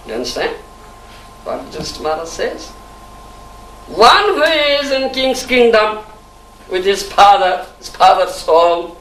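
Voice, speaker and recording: A spiritual teacher with a high, fairly bright voice gives a devotional lecture in a temple hall, chuckling often and asking "you understand?". The recording is echoey, made on a distant mic with a faint hiss.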